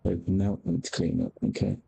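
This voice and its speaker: A man's voice: deep voice, flat delivery, moderate pace, creaky, dark tone, slightly rough. A man, chatting candidly as a game streamer, rambling with frequent restarts and casual swearing. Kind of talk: casual chat while gaming.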